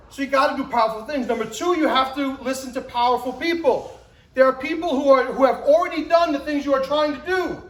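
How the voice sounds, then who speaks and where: In a roomy, poor-quality recording, a man in his forties delivers an emphatic motivational talk, acting out scenes with rising pitch and shouting.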